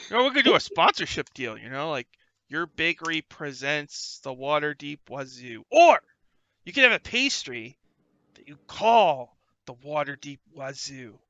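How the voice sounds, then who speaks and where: A man voicing a pushy, cigar-chomping male gnome who runs a newspaper, loud and salesy in a tabletop game. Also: high-pitched, big pitch swings, moderate pace, no echo, lo-fi sound, pitched above the performer's own voice, full character voice.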